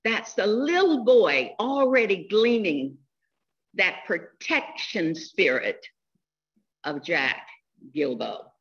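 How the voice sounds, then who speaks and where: A woman in her sixties giving a funeral eulogy, telling stories in a slow, heartfelt way. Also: mid-range voice, very animated, dull audio. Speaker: eulogy speaker.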